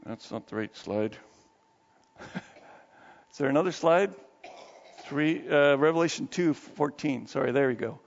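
A man preaches in a casual, folksy storytelling manner, in a rather high voice with a gravelly edge. His words ring through a long hall reverb. The recording is dull and lo-fi. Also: normal speed, pauses often. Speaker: pastor. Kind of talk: sermon.

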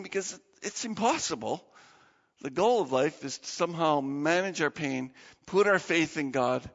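Animated, high-voiced male pastor preaching. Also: long reverb tail, lo-fi sound. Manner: animated and dramatic, asks the audience questions. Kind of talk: sermon.

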